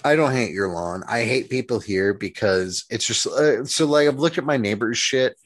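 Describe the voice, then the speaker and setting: A man's voice: medium pitch, lively intonation, normal speed, no room sound. A man co-hosting a casual podcast chat, ranting with heavy profanity. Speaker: podcast co-host.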